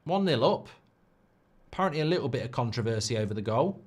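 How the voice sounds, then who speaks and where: A man hosting a live football watchalong stream at a mid-range pitch. He chats loosely, and reads viewer messages aloud between thoughts on the game. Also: big pitch swings, fast. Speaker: football livestream host. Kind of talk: casual football watchalong chat.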